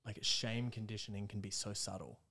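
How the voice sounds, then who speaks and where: Male podcast host, easygoing and quick, slightly low voice, peppers talk with "dude". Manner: relaxed and chatty, says "dude" and "like" often. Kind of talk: casual interview chat.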